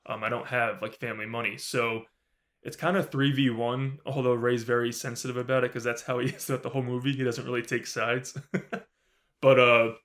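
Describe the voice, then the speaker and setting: A man co-hosting a podcast, recapping a horror film in casual, animated talk, swearing often and acting out the characters' lines. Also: medium pitch, moderate pace. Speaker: podcast co-host. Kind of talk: casual movie review recap.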